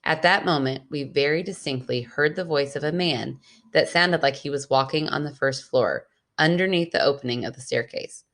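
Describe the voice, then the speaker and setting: A woman's voice: deep voice, normal speed, fairly bright tone. A woman co-hosting a podcast, reading a listener's ghost story aloud and teasing her sister. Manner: playful, teasing. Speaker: podcast co-host.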